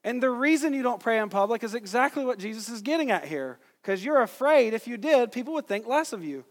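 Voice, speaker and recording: A man's voice: very high-pitched, lively intonation, brisk. A man in his thirties preaching a sermon as pastor, conversational and self-deprecating, asking the congregation rhetorical questions. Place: church sanctuary. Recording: long reverb of a church hall.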